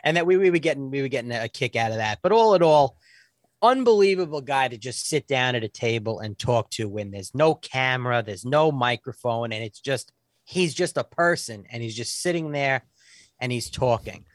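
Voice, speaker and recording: A man in his forties telling a story in casual talk, animated and often restarting his sentences. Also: medium pitch, normal speed, dry recording, studio quality. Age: 40s.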